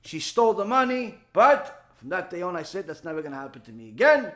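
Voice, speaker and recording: A man giving a Torah lecture as a rabbi, telling stories in an animated way and acting out the dialogue. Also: high voice, brisk. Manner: animated storytelling, acts out dialogue.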